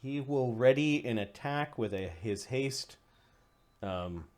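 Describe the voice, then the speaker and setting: A man acting as game master, describing monster actions in a relaxed way with many fillers. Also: medium pitch, slow pace. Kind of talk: running a tabletop game.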